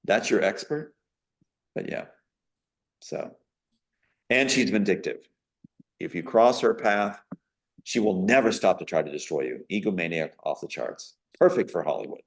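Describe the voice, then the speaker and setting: A man's voice: low voice, animated, unhurried, long pauses. A man being interviewed as a guest, giving a long, rambling personal account in an emphatic, indignant tone with frequent fillers.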